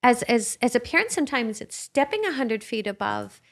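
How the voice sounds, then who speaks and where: A woman with a somewhat high voice talks through her thoughts on a podcast. She speaks reflectively and pauses to search for the right words in relaxed conversation. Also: vocal fry. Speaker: podcast co-host. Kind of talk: casual conversation.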